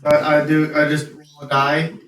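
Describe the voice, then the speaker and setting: A man at a tabletop game asks eager questions, stumbling and repeating himself. His voice sits slightly high. The room around him echoes. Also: completely flat delivery, moderate pace, fairly bright tone, far from the mic. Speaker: player. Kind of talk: casual game chat. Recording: roomy echo.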